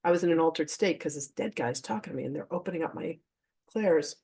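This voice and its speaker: A woman's voice: low-pitched, fast talker, darkish tone, breathy edge. A woman leading a spiritual masterclass, talking to her audience casually and openly, with frequent laughs and offhand swearing, as she mixes teaching with personal stories. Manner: chatty and candid, laughs often, swears offhandedly; addresses the audience directly.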